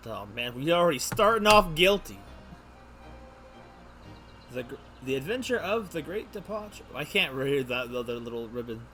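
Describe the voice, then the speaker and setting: A man's voice: mid-range voice, sing-song, moderate pace, sharp tone, soft background music. A man streaming a video game, chatting casually, chuckling often and reacting to what he reads on screen. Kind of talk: casual gaming commentary.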